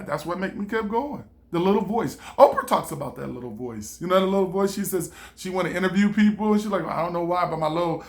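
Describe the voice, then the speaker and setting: A male stand-up comedian with a high voice addresses the listener directly in a loose, casual monologue. His delivery is animated and broken up by laughter, and he switches into different voices whenever he quotes someone.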